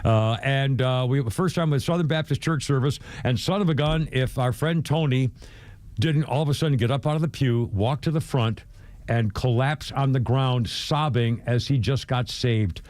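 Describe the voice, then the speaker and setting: A man's voice: mid-range voice, normal speed, darkish tone, no echo. A man hosting a talk radio show, rambling with lots of fillers and restarts. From New England. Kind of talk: casual talk radio monologue. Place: radio studio. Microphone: studio microphone.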